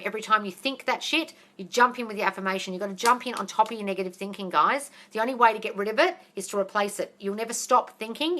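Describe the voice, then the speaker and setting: A woman answering viewers' questions on a live phone stream, talking fast and bluntly, swearing and calling everyone darling. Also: mid-range voice, bright, forceful tone. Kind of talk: casual live Q&A.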